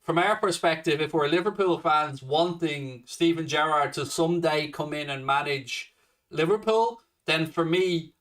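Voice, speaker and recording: Bloke on a stream going off at a commenter, lots of swearing, slightly high voice a bit away from the mic. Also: male voice, measured pace, fairly bright tone, distant mic. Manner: swears a lot, confrontational rant at a commenter. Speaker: livestream host. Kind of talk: casual fan livestream chat.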